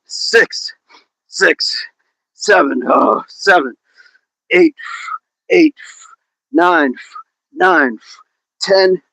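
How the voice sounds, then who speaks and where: A man's voice: on the high side, gravelly, fairly bright tone, no room sound, poor audio. A man hosting a live workout stream outdoors, counting reps aloud and joking with the chat. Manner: jokey, laughs often, counts reps aloud. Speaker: fitness livestream host.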